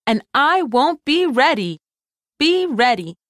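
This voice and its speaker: A woman's voice: high voice, big pitch swings, takes it slowly, a bit bright, clean studio sound, pitched above the performer's own voice, full character voice. A woman voicing a fretful female toy karaoke microphone that keeps repeating her words in an echoing stutter. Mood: distressed.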